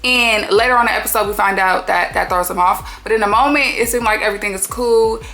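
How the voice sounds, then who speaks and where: A woman hosting a reality show recap, talking in an animated, sassy way full of slang and swearing. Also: mid-range voice, fast, faint music behind. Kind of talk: casual TV recap commentary.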